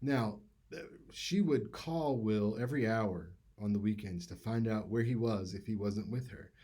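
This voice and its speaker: A man's voice: mid-range voice, mellow, breathy edge. A man teaching public speaking in a casual, conversational lecture with many fillers.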